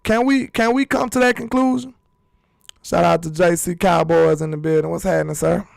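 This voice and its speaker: A man's voice: high voice, normal speed, creaky, no room sound, clean studio sound. A man hosting a sports channel in a casual live-stream chat, talking loosely and reading viewers' comments aloud.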